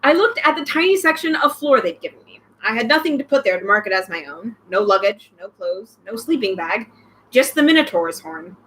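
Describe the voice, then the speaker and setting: Lively young woman reading aloud. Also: medium pitch, fairly quick, slight background noise, rough recording. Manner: excited outbursts between read passages. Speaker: reader, channel host. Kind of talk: reading a novel aloud with commentary.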